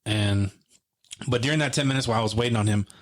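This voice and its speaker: A man's voice: fairly low pitch, fast. A man co-hosting a podcast, retelling an emotional story and acting out the phone calls in quoted dialogue. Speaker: podcast co-host. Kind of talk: emotional storytelling in casual conversation.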